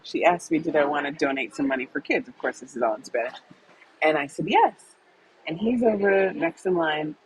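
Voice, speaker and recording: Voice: mid-range voice, slight background noise, low-quality recording. A co-host telling a story in casual conversation, chatty, laughing often and acting out dialogue.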